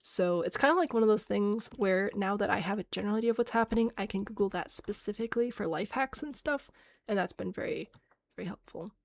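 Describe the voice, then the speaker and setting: Chatty woman streamer with vocal fry. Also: mid-range voice, fast talker, dry recording. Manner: chatty, thinking aloud, answering chat; self-mocking, laughs easily. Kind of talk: casual live-stream chat while playing.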